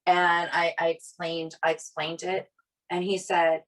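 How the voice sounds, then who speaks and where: Her voice sits on the low side and she takes her time. As a podcast co-host from an Italian family, she shares a personal anecdote in relaxed conversation, animatedly impersonating the people she quotes and saying "like" often.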